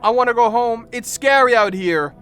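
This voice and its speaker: A man's voice: very high-pitched, normal speed, a bit bright, smooth, faint music behind. A man voicing a scared little girl in a game, timid and pleading, in a put-on Texan drawl. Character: scared little girl looking for her dad. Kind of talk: game dialogue read aloud.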